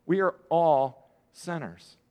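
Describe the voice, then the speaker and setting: A middle-aged male preacher with a notably high voice delivers a sermon. He talks in a plain, conversational manner and leans on repeated words for emphasis. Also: slow, smooth, highs cut off.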